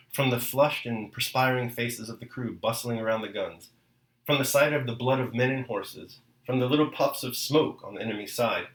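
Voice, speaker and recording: Low-voiced man reading a novel aloud. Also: roomy sound, low-quality recording. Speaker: reader and host of a daily reading podcast. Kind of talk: literary reading and reflection.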